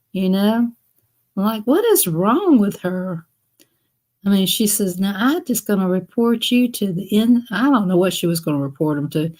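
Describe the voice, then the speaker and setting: A woman chatting casually on a live stream, wandering from one story to the next. She laughs often at her own tales, and her voice sits at an ordinary middle pitch. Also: darkish tone.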